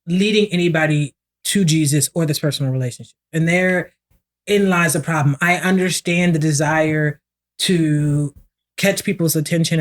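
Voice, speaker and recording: A woman in a podcast discussion, speaking in a measured, deliberate and thoughtful way. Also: low-pitched.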